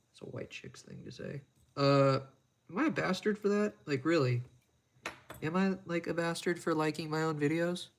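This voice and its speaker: A man's voice: on the high side, vocal fry. A man chatting casually on a live stream while he repairs watches at his bench, rambling and making crude, self-mocking jokes.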